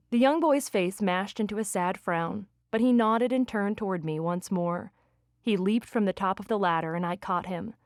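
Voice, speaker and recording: Expressive woman narrating a romance audiobook. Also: mid-range voice, normal speed, no room sound, studio quality. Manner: lively, expressive character reading.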